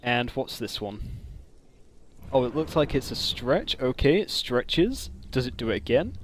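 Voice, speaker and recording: A man giving casual commentary on a game mod, excitable and gushing, with frequent exclamations. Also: medium pitch, unhurried, slight background noise. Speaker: gaming commentator.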